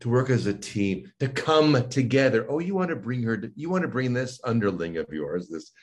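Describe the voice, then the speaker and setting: A male speech and voice coach, being interviewed, walks through how his sessions go and animatedly acts out both the coach and the client in the dialogue. His voice is medium-pitched and fairly quick.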